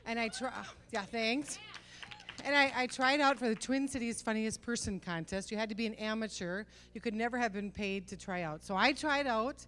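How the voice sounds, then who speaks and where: On stage, a middle-aged woman works through a stand-up set, landing punchy self-mocking lines and tossing quick rhetorical asides to the audience. Her voice sits on the high side with a fairly bright tone.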